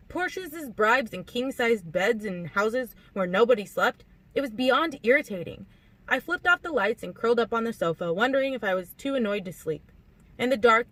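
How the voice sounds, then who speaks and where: A woman reading a novel aloud in an audiobook narration, expressive and lively, acting out the dialogue. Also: medium pitch, poor audio. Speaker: audiobook reader.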